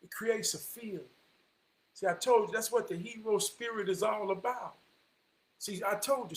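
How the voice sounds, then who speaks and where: Guy w a high voice, preachy motivational rant, goes quiet then yells. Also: moderate pace, slight background noise. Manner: preacher-like cadence, swings from hushed to shouting. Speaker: motivational vlogger. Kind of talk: motivational talk.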